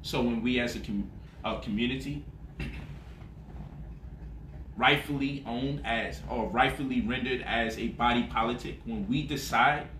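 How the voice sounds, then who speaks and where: A man's voice: mid-range voice, a little slow, pauses often, fairly bright tone, a little hiss or hum. A man talking as a money vlogger in a casual, boastful monologue, swaggering and profane. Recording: roomy echo, voice off-mic.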